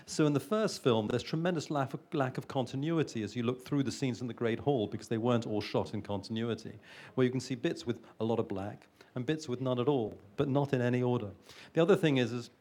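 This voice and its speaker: A man's voice: medium pitch, quick pace, darkish tone. A man who works as a film producer, talking on a panel in a thoughtful, hesitant way with frequent restarts. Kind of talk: panel talk.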